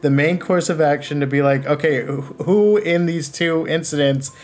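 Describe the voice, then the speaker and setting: A woman's voice: low voice, moderate pace, a little mellow. A woman co-hosting a casual movie chat, talking in a rambling way with frequent laughs. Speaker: co-host reviewing a film.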